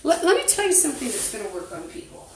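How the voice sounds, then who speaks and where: A woman talking on a phone live stream, rambling and jumping between topics, swinging from loud outbursts to muttering. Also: high-pitched, big pitch swings, fast talker, roomy sound, far from the mic, a little hiss or hum, rough recording. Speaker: livestreamer.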